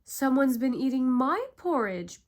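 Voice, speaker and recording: A big, stern papa bear from a bedtime storybook who growls and booms his alarm, played by a woman. He speaks slowly and carefully. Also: lively intonation. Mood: alarmed, gruff. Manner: loud exclaiming, growling.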